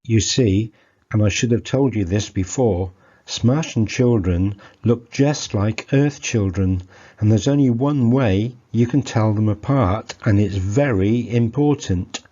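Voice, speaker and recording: Slow, mellow English storyteller. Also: male voice, on the low side, highs cut off. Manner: gentle, playful asides. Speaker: church storyteller. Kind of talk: family story reading.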